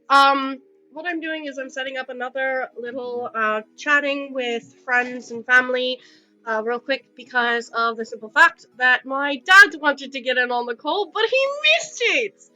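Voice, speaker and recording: A woman's voice: sits high, unhurried, bright, forceful tone, highs cut off, soft background music. A woman hosting her channel over a webcam call, in rambling, sarcastic casual chat with plenty of swearing and a British-sounding accent. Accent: British-sounding, put on. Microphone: webcam with Skype call.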